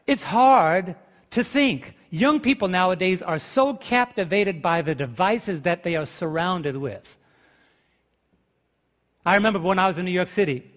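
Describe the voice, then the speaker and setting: Pastor guy preaching, pretty high voice, lots of echo from the church hall, keeps asking the crowd questions. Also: a bit bright. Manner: emphatic preaching with rhetorical questions to the congregation. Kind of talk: sermon. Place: church sanctuary.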